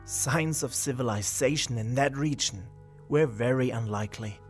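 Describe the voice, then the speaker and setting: A man reading the narration of a fan-made science-fiction audio drama with measured, dramatic delivery. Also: medium pitch, faint music behind.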